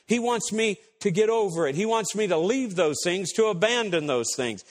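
A man preaching with an emphatic voice that sits fairly high and swings from loud rising lines to hushed drops. He quotes scripture and acts out imagined voices. The sound carries a long reverb from a church hall. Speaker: pastor. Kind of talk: sermon.

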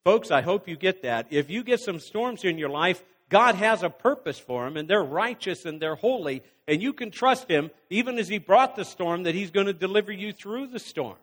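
A man's voice: sits high, expressive, a bit bright, in a large hall. A man preaching a sermon, reading scripture aloud and stopping to exhort his listeners. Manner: reads scripture then pauses to exhort the congregation.

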